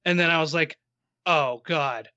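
A man's voice: fairly high pitch, measured pace, bright, forceful tone, no echo, highs cut off. A man on a casual podcast, animatedly retelling a story and acting out what people said. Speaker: podcast co-host. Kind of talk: casual book-club chat.

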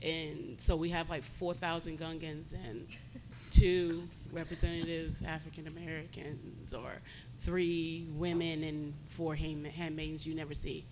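A woman's voice: sits low, level tone, unhurried, noisy background. A woman panelist on a fan panel, making pointed, analytical remarks.

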